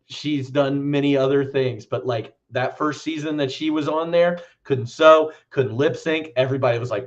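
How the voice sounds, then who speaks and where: A man's voice: medium pitch, normal speed, hardly any pauses, dull audio. A man co-hosting a podcast, chatting casually about a film in a loose, rambling way and swearing freely. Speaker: podcast co-host.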